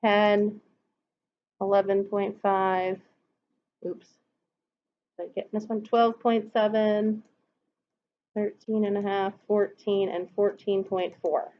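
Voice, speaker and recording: A woman with a mid-range, level voice teaches math slowly, pausing often, with slight background noise in a dull lo-fi classroom recording. She patiently takes her students through calculator steps and asks them questions.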